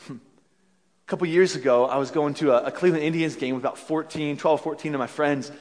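Animated high-voiced pastor in a reverberant hall. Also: male voice, brisk. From Philadelphia. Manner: storytelling, animated, acts out voices, self-deprecating laughs. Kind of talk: sermon.

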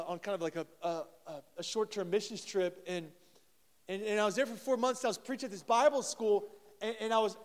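A high-pitched man in his thirties delivers a sermon as pastor. He tells stories with eager restarts and repeated words. His voice carries a long reverb from a large hall. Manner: animated storytelling with many restarts.

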